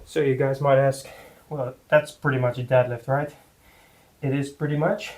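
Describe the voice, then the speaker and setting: A man giving a casual workout talk in his home gym, halting with many fillers and out of breath between sets. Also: mid-range voice, flat delivery, darkish tone, rough recording. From Netherlands. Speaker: fitness vlogger.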